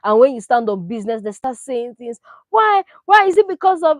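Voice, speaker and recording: A woman doing casual, opinionated commentary on a reality show, animated and full of rhetorical questions. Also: sits high, a little fast, no echo, rough recording. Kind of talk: casual chat.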